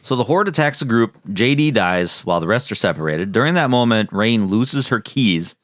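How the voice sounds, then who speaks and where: A man's voice: mid-range voice, normal speed, no room sound, studio quality. A man co-hosting a podcast, casually recapping a movie and acting out lines from it. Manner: animated, recaps plot and mimics lines with laughs. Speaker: podcast co-host.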